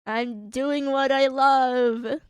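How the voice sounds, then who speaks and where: A woman's voice: high-pitched, fairly even intonation, very slow, clean tone, no room sound, clean studio sound. A woman streamer chatting on a livestream, choked up and tearful, giggling between her phrases. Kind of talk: casual livestream chat.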